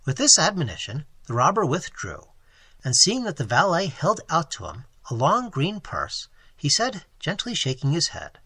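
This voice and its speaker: A man narrating a classic novel as an audiobook, in an expressive, animated storytelling manner. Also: a little high, moderate pace, husky, no echo.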